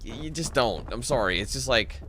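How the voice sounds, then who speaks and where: A man's voice: mid-range voice, lively intonation, a little fast, pushed and bright, a little hiss or hum. A Canadian man giving casual gameplay commentary, chatty and loose, swearing casually as he plays. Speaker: gaming commentator.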